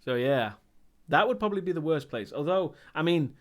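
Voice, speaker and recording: A man's voice: on the high side, animated, a little fast. A man streaming live and chatting casually as he answers viewer questions, rambling and hesitant, with many ums and restarts.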